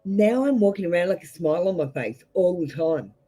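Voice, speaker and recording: Blunt Australian woman with a mellow voice. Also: lowish voice, expressive, fairly quick, husky, soft background music, low-quality recording. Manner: blunt, rambling, many fillers and restarts. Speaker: tarot reader. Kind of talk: live-streamed tarot reading, casual talk to viewers.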